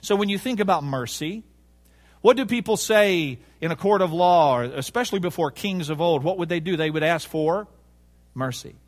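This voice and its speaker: A man's voice: on the high side, normal speed. A man preaching a sermon, emphatic, repeating key words and asking the congregation rhetorical questions.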